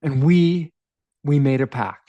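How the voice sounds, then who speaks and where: A man's voice: on the high side, takes it slowly, dull audio. Emphatic man in his forties telling a story. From Canada. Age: 40s. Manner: emphatic, animated storytelling with repeated phrases. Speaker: men's relationship coach. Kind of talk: storytelling monologue to camera.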